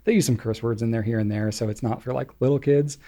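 A man's voice: medium pitch, fast talker, warm tone. A man co-hosting a podcast in casual chat, rambling along with lots of filler words. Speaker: podcast co-host.

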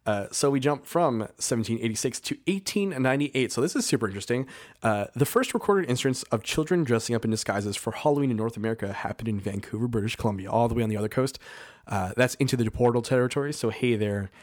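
A man's voice: medium pitch, lively intonation, fast, dry recording, studio quality. A man co-hosting a casual podcast, chatty and full of "like" fillers, eager about trivia he researched. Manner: chatty, lots of "like" fillers, giddy about facts. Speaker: podcast co-host.

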